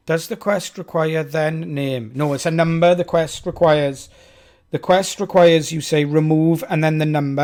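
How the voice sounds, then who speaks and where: A man with a Welsh accent, talking through his code on a live stream. His voice sits a touch high, and he chats with his viewers in a loose, self-mocking way. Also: a little mellow. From Wales. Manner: chatty, self-mocking, talks to chat. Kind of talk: thinking aloud while coding live.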